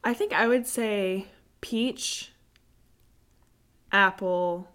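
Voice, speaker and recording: A woman's voice: mid-range voice, very slow, a bit bright. A young woman in casual chat with her sister, talking easily with many fillers and telling stories with a laugh. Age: young adult. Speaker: co-host chatting with her sister.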